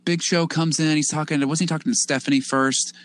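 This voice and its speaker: A man's voice: on the high side, steady tone, fast, fairly bright tone. Rambling man recapping with a laugh. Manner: rambling, laughing, acts out quotes. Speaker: podcast co-host. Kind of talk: casual chat recapping wrestling.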